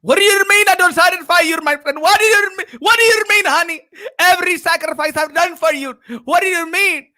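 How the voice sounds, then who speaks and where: A man's voice: very high voice, brisk, pushed and bright, voice pushed up, exaggerated voice. A man putting on the voice of a betrayed husband who protests indignantly. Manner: pleading, indignant.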